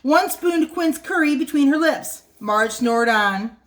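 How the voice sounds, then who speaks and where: At home, a woman reads a children's picture book aloud for library storytime, sounding playful and expressive. Her voice is high and her pace slow.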